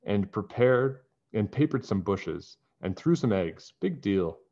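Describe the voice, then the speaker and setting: A man's voice: on the low side, very animated, slow pace, dark tone, full character voice. A man voicing a cocky, boastful boy snowboarder with a brash, taunting way of talking. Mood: sulky. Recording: dull lo-fi recording.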